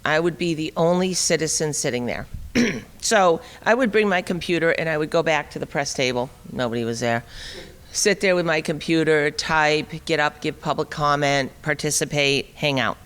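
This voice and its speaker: A woman's voice: low voice, moderate pace. Woman telling a wry story in a hall. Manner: animated, wry storyteller acting out dialogue. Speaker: speaker at a liberty forum. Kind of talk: storytelling talk. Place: conference hall. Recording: long reverb of a hall.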